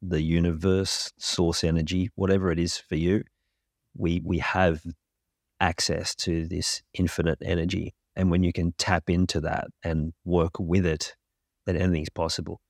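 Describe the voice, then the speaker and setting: Calm reflective man, deep dry voice. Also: normal speed, no echo. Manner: calm, reflective, explains ideas at length. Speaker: podcast guest, grief coach. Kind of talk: interview explanation.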